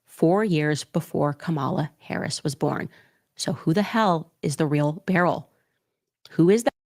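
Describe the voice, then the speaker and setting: A woman presenting documents in a commentary clip, laying out evidence in a measured way, step by step. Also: low voice, darkish tone.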